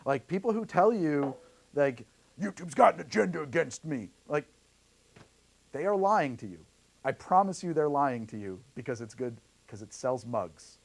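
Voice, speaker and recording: A man's voice: mid-range voice, animated, a little slow. A man hosting a livestream while mixing drinks, rambling and heated, swearing freely and laughing often into a studio mic. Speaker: livestream host making drinks. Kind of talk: casual livestream chat. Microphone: studio mic through a mixer rig.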